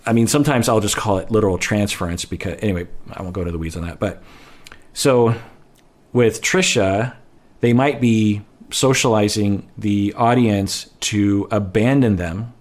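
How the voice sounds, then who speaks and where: A man with a somewhat low voice talking as a therapist on a podcast. He explains at an even, measured pace and often stops to rephrase himself mid-sentence. He sounds like he is thinking aloud.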